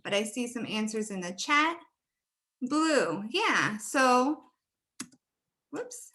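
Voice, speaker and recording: A woman with a bright, high-ish voice runs a webinar on pronunciation over a computer mic. She stretches out words slowly and carefully so listeners can copy them. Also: sing-song. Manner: slow, careful modeling of words. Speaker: teacher trainer. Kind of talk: webinar teaching.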